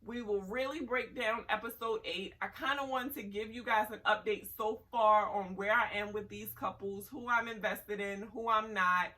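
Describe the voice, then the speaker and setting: A woman's voice: medium pitch, steady tone, moderate pace, few pauses, bright, forceful tone, recorded from a distance, rough recording. A woman giving a blunt, sassy casual review commentary on a reality show.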